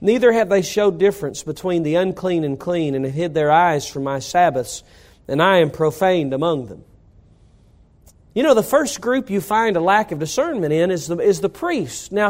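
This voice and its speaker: High-voiced man preaching a sermon. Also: a little mellow. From North Carolina. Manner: preaching with rising emphasis. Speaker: pastor.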